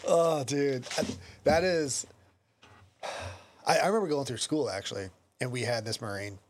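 A man hosting a casual podcast chat, hesitant and relaxed, laughing often. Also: mid-range voice, moderate pace. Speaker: podcast host.

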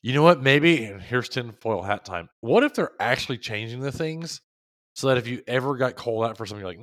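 Animated joking man, dry close sound. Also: medium pitch, brisk, no room sound. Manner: animated, jokey, acts out quotes. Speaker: podcast co-host. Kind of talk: casual chat.

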